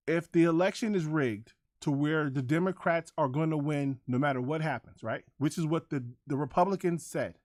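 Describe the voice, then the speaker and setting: Guy on a livestream, high-ish voice, swearing and repeating himself, dry sound. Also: dry recording. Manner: profane, combative, repetitive. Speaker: livestream host. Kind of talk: ranting livestream talk to chat.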